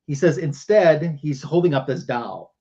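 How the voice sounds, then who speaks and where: A man's voice: a little high, animated, measured pace, mellow, lo-fi sound. A man hosting a livestream who retells a comic book panel by panel. He talks casually and uses a lot of fillers. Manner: casual storytelling with many fillers. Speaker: show host.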